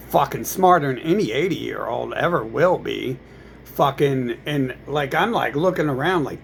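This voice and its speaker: A man's voice: a little high, vocal fry, slight background noise, low-quality recording. A man in a crude, rambling rant, full of fillers and curses. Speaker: vlogger.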